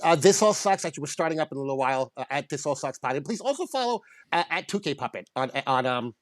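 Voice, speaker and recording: A man voicing a lovelorn male puppet, talking fast in a high, stammering puppet voice. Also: animated, no echo, lightly acted. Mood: bantering. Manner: fast, stammering, laughing self-defense. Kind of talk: casual chat.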